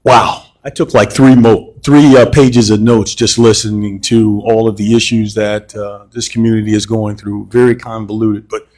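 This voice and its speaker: A man in his sixties from Cincinnati, a retired fire chief running for council, speaking in a measured, methodical way with some hesitant fillers. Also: lowish voice, flat delivery, a little mellow, low-quality recording. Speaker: council candidate. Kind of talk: campaign speech at community meeting.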